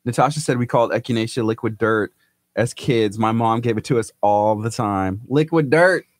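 A man's voice: medium pitch, normal speed, no echo. A man co-hosting a morning show, chatting casually, laughing a lot and reading viewer comments aloud with a teasing manner. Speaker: radio show co-host. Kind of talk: casual chat on a live-streamed morning show.

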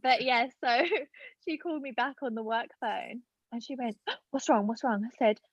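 A woman's voice: on the high side, moderate pace, dry recording, dull audio. Chatty woman telling a story. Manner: chatty storytelling, many fillers. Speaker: guest. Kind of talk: casual chat.

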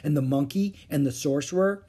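A man's voice: fairly high pitch, brisk, dark tone, husky, pitched above the performer's own voice. A man voicing a curious, thoughtful young boy in a storybook read-aloud, talking earnestly.

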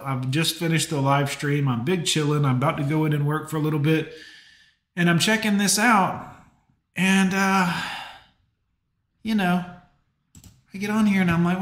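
A man's voice: a little high, fairly bright tone, reverberant. A man hosting a live stream, talking casually and rambling with plenty of fillers. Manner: chatty, rambling, lots of fillers. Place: home.

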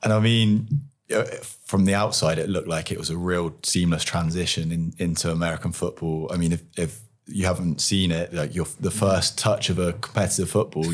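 A man with a deep, low voice hosts an interview. He asks questions conversationally and in a friendly way. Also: breathy edge.

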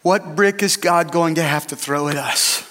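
A man's voice: on the high side, normal speed, bright, forceful tone, in a large hall. A man, a lead pastor, preaching a sermon with emphatic, dramatic repetition.

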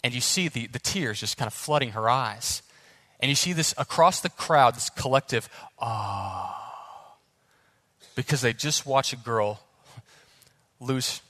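A young man preaching a sermon as pastor, earnest and animated, speeding up as the story builds. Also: mid-range voice, no echo.

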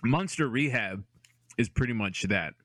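A man's voice: mid-range voice, animated, unhurried, a bit bright, dry recording, clean studio sound. A man chatting casually as a podcast co-host, playful and teasing, giving advice. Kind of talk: casual chat.

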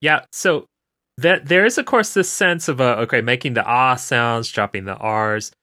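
A man's voice: mid-range voice, moderate pace, sharp tone, no echo, clean studio sound. An American man hosting a casual podcast, curious and laughing often as he chats about words. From United States. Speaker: podcast host.

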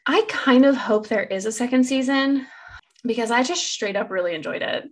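A woman co-hosting a podcast, chiming in with quick reactions and opinions about a show in casual chat. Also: on the high side. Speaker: podcast co-host.

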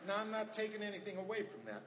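A man's voice: high-pitched, sing-song, fast talker, fairly bright tone, a little hiss or hum. An older man giving earnest personal testimony at a recovery meeting, telling stories and repeating his phrases. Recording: echoey hall, faint ambience.

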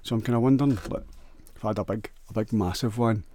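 A man's voice: lowish voice, fast, warm tone, no room sound. A man with a Scottish accent rambling crudely through a jokey solo monologue, often restarting and stumbling over words.

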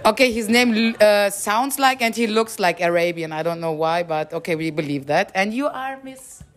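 A woman's voice: medium pitch, lively intonation, moderate pace. Woman, German accent, podcast host, playful, teasing, casual pub chat. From Turkey. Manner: playful, teasing, laughs often. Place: busy pub.

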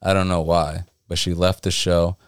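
Podcast co-host: Connecticut man, deep and smooth, swears freely, laughs a lot. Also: little pitch movement, normal speed, dry recording, studio quality. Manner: profane, laughs often, imitates accents. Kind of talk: casual chat.

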